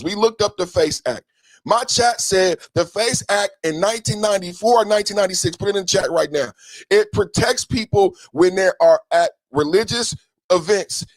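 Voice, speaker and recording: Guy hosting a live stream, pretty high voice, dry close sound, repeats himself, goes from quiet to shouting. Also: no room sound. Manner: emphatic, repetitive, swings between soft and shouting. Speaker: podcast host. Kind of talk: live-stream commentary over clips.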